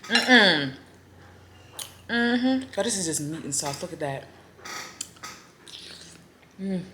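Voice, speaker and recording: A woman casually chatting to viewers between bites, murmuring softly as she eats at home. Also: lowish voice, expressive, slow pace, background noise. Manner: talks between bites with soft murmured mm sounds. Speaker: mukbang vlogger. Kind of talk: casual chat while eating. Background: faint lawn mower and clinking cutlery.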